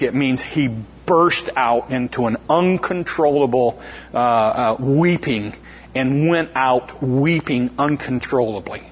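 Guy preaching a casual sermon, kinda husky, lots of uhs and restarts, big echoey hall. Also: mid-range voice. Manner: conversational, frequent fillers and restarts, acts out quoted speech. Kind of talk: informal sermon retelling scripture.

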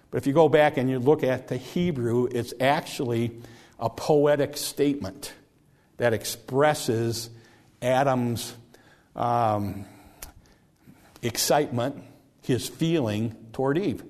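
A man's voice: medium pitch, slow, long pauses, darkish tone. A man preaching a sermon in a conversational way, often repeating words and restarting his sentences.

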